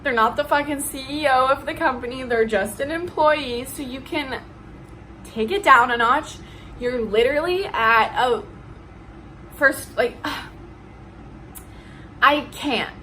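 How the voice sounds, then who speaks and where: A young woman tears into a heated, swear-heavy rant straight to her vlog viewers. Her voice sits a little high and rings bright and sharp. A faint hiss of background noise runs under the recording. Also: measured pace, poor audio. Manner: heated, profane, emphatic ranting. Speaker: vlogger. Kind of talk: ranting vlog.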